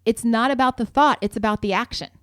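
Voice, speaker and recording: A woman's voice: a little high, fast talker, fairly bright tone, no room sound, studio quality. A woman co-hosting a marriage podcast in casual, earnest talk, laughing easily and reading sponsor plugs. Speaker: podcast co-host.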